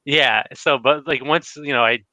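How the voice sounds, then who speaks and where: Man, casual stream chat, rambly and filler-heavy; bright voice, dry muffled call audio. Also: mid-range voice, normal speed, no room sound. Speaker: retro collecting YouTuber.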